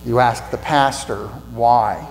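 A pastor giving a conversational sermon in a church, asking rhetorical questions and repeating lines for emphasis. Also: male voice, mid-range voice, takes it slowly. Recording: echoey hall with mains hum.

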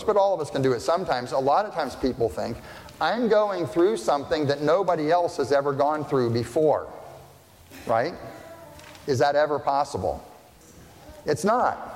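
A man's voice: on the high side, a little mellow. A man pastor preaching a conversational sermon, often checking in with the congregation by asking "right?". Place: church sanctuary. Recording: long reverb of a church hall.

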